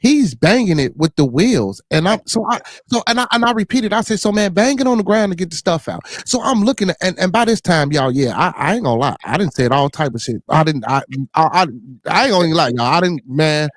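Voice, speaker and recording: A man with a Chicago accent telling stories and chatting on a podcast, animated and profane, with lots of restarts. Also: fairly high pitch, fairly quick, hardly any pauses, no room sound, studio quality. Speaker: podcast host. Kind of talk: casual chat.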